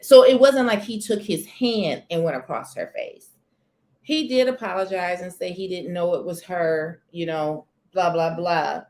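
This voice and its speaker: A woman's voice: fairly low pitch, measured pace, a little mellow. A woman hosting a casual live stream from a corner of her home, chatting expressively about celebrity news and greeting viewers in the chat by name. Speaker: livestream host. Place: corner of a room at home near a sunny window.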